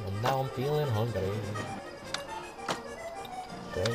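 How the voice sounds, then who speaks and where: With lively intonation and a measured pace, a medium-pitched man chats casually over gameplay, rambling and laughing often. It's let's-play commentary on a quiet home mic with music in the background.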